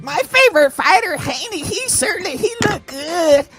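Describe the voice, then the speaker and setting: A woman's voice: extremely high pitch, expressive. A woman putting on a drawling, taunting young man. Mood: mocking. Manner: slow, drawling, taunting sing-song. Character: mocking, effeminate young man taunting a rival.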